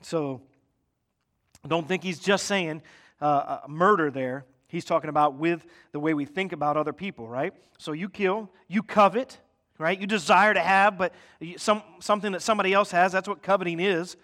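High-voiced conversational preacher, man. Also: normal speed, sharp tone. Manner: conversational preaching, often checks in with "right?"; acts out listeners' complaints in mock voices. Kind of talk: sermon.

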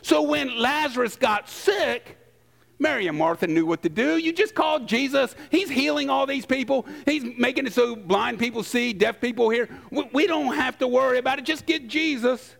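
A man preaching a sermon, emphatic, acting out quotes and pausing for effect. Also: very high voice, gravelly, a bit bright. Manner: emphatic, acts out quotes, dramatic pauses.

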